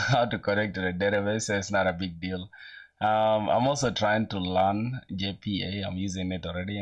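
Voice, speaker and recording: A young man in his twenties chatting casually with viewers while coding live, using relaxed slang and thinking aloud, with an occasional cough. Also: low voice, dull audio. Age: young adult. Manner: laid-back slangy, greets chat, thinks aloud. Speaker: programming streamer.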